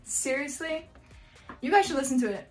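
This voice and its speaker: High-voiced woman reacting with exclamations. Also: expressive, measured pace, loud music behind the voice. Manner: exclaiming, blunt and joking. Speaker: YouTube host reacting to house listings. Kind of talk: casual reaction commentary.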